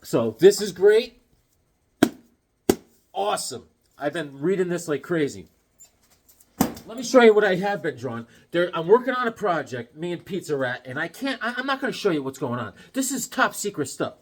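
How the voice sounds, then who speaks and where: A high-voiced man rambles casually through stories for his comic book channel's vlog, doing voices as he goes. He keeps a moderate pace, and background noise can be heard.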